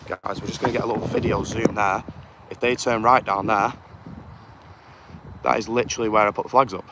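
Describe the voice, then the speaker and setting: A man livestreaming from an outdoor car park at night on a handheld phone, chatting quietly and reading out chat comments. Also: fairly low pitch, fairly even intonation, a little fast. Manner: chatty, quietly conspiratorial, reads comments aloud. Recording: clear outdoor urban noise.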